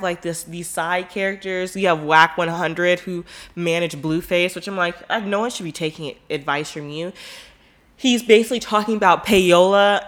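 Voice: medium pitch, a bit bright. A vlogger telling a story in casual commentary, rambling with lots of fillers and swearing freely, turning heated when indignant. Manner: profane, rambling, heavy "like" fillers.

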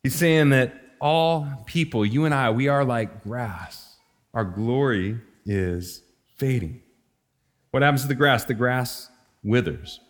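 A man's voice: medium pitch, slow. A middle-aged man preaching a sermon in a loose, conversational way, slipping into slang and chuckling at his own asides. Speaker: pastor.

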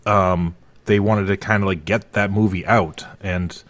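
Male co-host, low voice, relaxed trivia chatter. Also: measured pace. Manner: chatty, sharing film trivia with fillers. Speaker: podcast co-host. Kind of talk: casual movie discussion.

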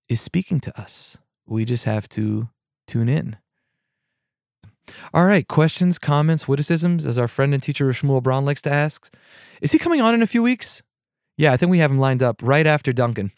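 A man hosting a podcast on mindful listening, calm and unhurried with self-mocking humor, who moves into guiding a meditation. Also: medium pitch, vocal fry, no echo, studio quality. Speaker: podcast host and meditation teacher. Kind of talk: reflective podcast talk and guided meditation.

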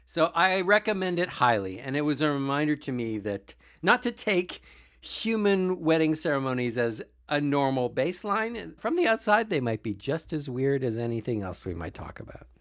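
A man's voice: fairly high pitch, very animated, normal speed, a bit bright. Amused man chuckling through a recap. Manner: amused, chuckling while retelling scenes. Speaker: podcast co-host. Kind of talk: casual chat recapping an episode.

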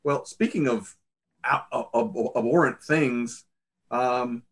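Husky man role-playing politely. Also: mid-range voice, slow. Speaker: player. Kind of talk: in-character role-play.

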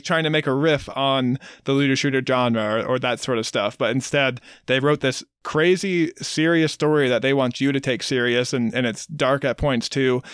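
A man on a podcast, patiently walking through details in an easygoing chat. His voice is smooth and clear, and the close mic leaves it dry. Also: medium pitch, fairly bright tone, no room sound. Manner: explanatory, walks through details. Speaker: podcast co-host. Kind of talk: casual chat.

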